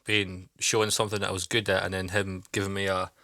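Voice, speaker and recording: A man's voice: deep voice, little pitch movement, sharp tone, no echo, clean studio sound. A young man reflecting in casual chat, hesitant and searching for words. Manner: halting, full of fillers and restarts. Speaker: podcast co-host.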